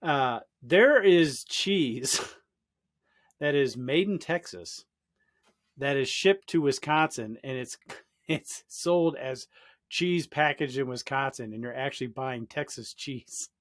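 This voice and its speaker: A man's voice: medium pitch, slow pace. A man co-hosting a podcast, ranting bluntly in casual political chat and swearing freely. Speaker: podcast co-host.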